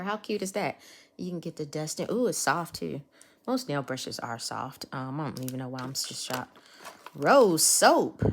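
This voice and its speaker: A woman chats casually as she unboxes nail supplies, talking straight to her viewers. Her voice sits low. A faint hiss runs under the recording. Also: very animated, normal speed. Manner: chatty, talks to viewers as y'all. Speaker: nail art vlogger.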